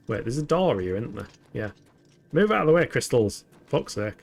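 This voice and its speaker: Unhurried and prone to frequent pauses, this young male streamer speaks in a medium-pitched voice with vocal fry and big swings in pitch. He livestreams a game from home, bantering casually in a playful, giggly, rambling way.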